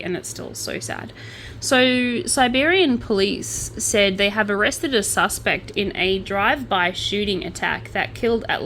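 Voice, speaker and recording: A woman's voice: medium pitch, a bit bright. Chatty woman podcaster, slight background hiss. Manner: chatty, self-deprecating, stumbles over names; crochets while talking. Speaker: podcast host. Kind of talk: casual chat reading news aloud.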